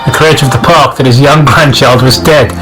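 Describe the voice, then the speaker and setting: A man's voice: medium pitch, fairly even intonation, a little fast, music in the background, poor audio. A young man hosting, reading a creepy internet story aloud with dry, joking asides. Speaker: host reading stories.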